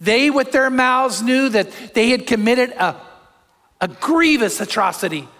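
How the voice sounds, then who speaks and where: An older man, a pastor, preaching a sermon in a church, telling stories with animated shouts. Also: very high-pitched, unhurried. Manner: animated storytelling, acts out crowd shouts. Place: church sanctuary. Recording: long hall reverb.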